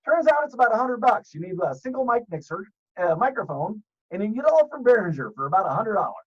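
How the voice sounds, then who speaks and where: A man guesting on a podcast, telling profane stories in a deep, announcer-style voice. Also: sing-song, quick pace, husky, lo-fi sound. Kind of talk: casual podcast chat.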